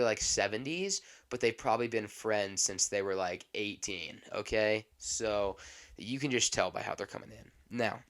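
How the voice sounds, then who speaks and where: A man's voice: fairly low pitch, fairly bright tone. A man hosting a podcast who tells a rambling, chatty story about his job, often checking in with the audience. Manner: rambling, chatty, frequent fillers and "okay?". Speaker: podcast host. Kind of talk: casual storytelling.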